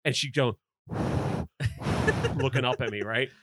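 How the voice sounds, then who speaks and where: A man's voice: medium pitch, takes it slowly, fairly bright tone, husky, no room sound, studio quality. A middle-aged man telling rambling stories in casual podcast chat, swearing freely. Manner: rambling storyteller, swears often. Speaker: podcast guest.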